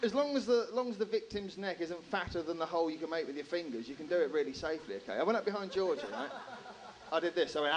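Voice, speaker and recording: A man doing a stand-up comedy set in a live room, animated, swearing freely and acting out characters. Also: a little high, fast talker, a little hiss or hum, rough recording.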